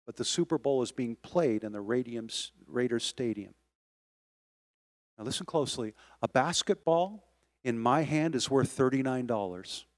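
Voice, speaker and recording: Male pastor, sermon delivery, builds from soft storytelling to loud rallying calls, dry close mic. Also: medium pitch, expressive, normal speed, no room sound. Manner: preaching that swells from quiet storytelling to loud exhortation. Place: church sanctuary.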